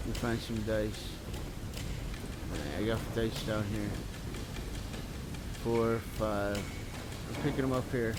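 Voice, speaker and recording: A man's voice: lowish voice, steady tone, slow pace, long pauses, very noisy. A man playing a tabletop game, joking and boisterous as he describes his moves. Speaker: player. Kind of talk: casual game chat.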